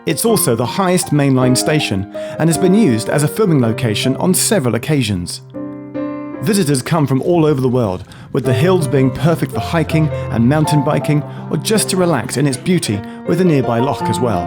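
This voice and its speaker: A man reads travel documentary narration in a calm, measured way, his voice sitting in a middle register. Plucked guitar music plays clearly underneath him throughout. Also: mid-range voice. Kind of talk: scripted narration.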